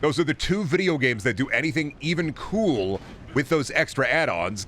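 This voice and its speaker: A man's voice: mid-range voice, lively intonation, brisk, fairly bright tone, a little hiss or hum. A young man streaming a shooter game, giving sarcastic, profane commentary. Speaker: gaming streamer. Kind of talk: casual gameplay commentary.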